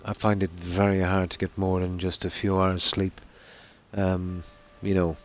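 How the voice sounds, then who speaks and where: A man's voice: sits low, level tone, faint music behind. A man giving casual, rambling live-stream commentary while playing a game, talking easygoing from a room at home at night. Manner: rambling and easygoing, with many "you know"s and pauses.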